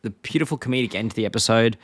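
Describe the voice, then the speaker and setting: A man's voice: mid-range voice, very fast, dry recording, clean studio sound. A tipsy man, co-hosting a podcast in casual chat, laughing as he retells scenes and quotes lines. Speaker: podcast co-host.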